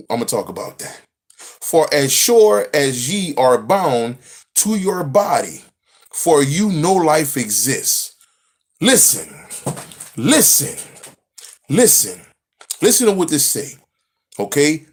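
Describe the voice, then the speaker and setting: A man's voice: on the high side, big pitch swings, a little slow. A man reading a spiritual text aloud and preaching on it, emphatic, repetitive and profane. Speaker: spiritual teacher.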